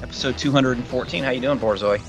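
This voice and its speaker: A man co-hosting a podcast in casual chat, with a joking, deadpan delivery. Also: mid-range voice, fast talker, music in the background. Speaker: podcast co-host.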